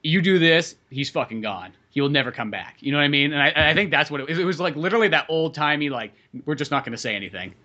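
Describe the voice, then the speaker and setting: A man co-hosting a podcast, chatting casually about movies in a rambling, animated way with lots of swearing. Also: fairly high pitch, quick pace, few pauses, dull audio. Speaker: podcast co-host.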